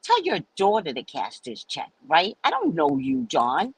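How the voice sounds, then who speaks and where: A woman host telling her viewers a story in a casual, animated way, cursing freely and acting out what people said. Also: medium pitch, measured pace, gravelly, slightly rough, poor audio. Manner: animated, profane, acts out quoted people. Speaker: psychic reader and host.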